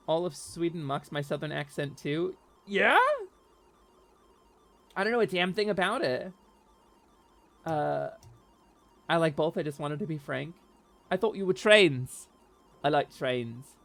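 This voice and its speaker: Woman, 30s, streamer, voice-changed, candid and halting, gravelly edges, soft game music behind. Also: low-pitched. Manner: earnest and candid, hesitant with frequent restarts. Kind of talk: casual livestream chat, reading chat aloud.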